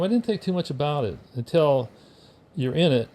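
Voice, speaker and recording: A man's voice: fairly high pitch, expressive, moderate pace, a little mellow. An older American man, a veteran guest on a podcast, telling casual stories with wry humor and acting out the people he quotes. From United States. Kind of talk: casual storytelling.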